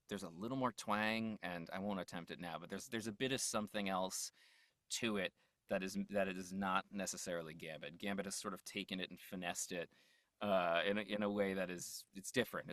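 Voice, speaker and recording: A man's voice: sits low, fairly quick, a bit bright, no room sound, studio quality. A man, a voice actor, talking as an interview guest in a loose, rambling way, laughing often and trailing off mid-thought. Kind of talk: casual interview chat.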